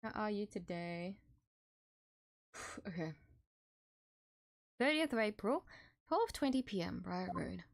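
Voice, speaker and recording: A woman's voice: mid-range voice, animated, takes it slowly, gravelly, long pauses. Giggly young woman streamer chatting. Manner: giggly, chatty, self-deprecating. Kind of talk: casual game stream chat.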